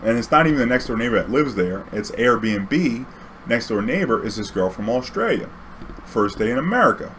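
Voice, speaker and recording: A man tells a long story from his days driving a cab, rambling and doubling back with plenty of "you know"s. His voice sits at an ordinary middle pitch. A faint hiss lies under the recording. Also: lively intonation, normal speed, a bit bright. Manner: rambling, conversational, many restarts and "you know"s. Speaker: cab driver telling a story. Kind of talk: casual storytelling.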